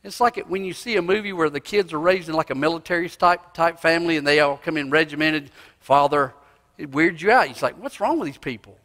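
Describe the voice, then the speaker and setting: A male pastor preaching a sermon in a church, swinging from loud cries to hushed asides. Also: on the high side, steady tone, quick pace, hardly any pauses. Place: church sanctuary. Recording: long reverb of a church hall.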